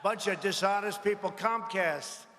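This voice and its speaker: A man's voice: high voice, a little slow, sharp tone. A man in his seventies giving a rally speech, combative and mocking, with rambling asides. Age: 70s. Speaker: politician addressing a rally. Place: large arena. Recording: echoey arena with long reverb.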